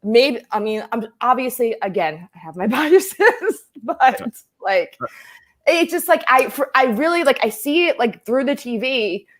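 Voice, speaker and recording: A woman's voice: fairly high pitch, big pitch swings, measured pace. A woman hosting a podcast, chatting casually and ranting bluntly with heavy swearing. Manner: blunt and heavily profane, ranting. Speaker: podcast host. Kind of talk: casual chat.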